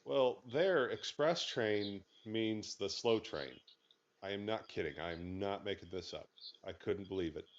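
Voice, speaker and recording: Low-voiced guy rambling through a story on a video call, kinda muffled lo-fi audio. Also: a little hiss or hum. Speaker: group participant. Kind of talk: casual chat, anecdote.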